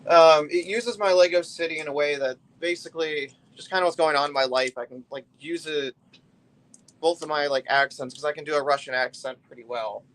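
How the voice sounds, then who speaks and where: A man's voice: a little high, a little fast, fairly bright tone. A man chatting casually on a live stream while building a brick set, rambling loosely and often trailing off mid-thought.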